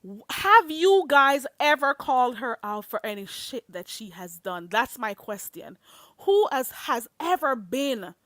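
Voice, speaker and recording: A young woman with a Jamaican accent rants at her livestream chat, confrontational and cutting, and slips into patois as she pushes her point. Her voice sits a bit high, and the sound is dry and close with no room around it. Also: big pitch swings, measured pace, a bit bright, no echo. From Caribbean.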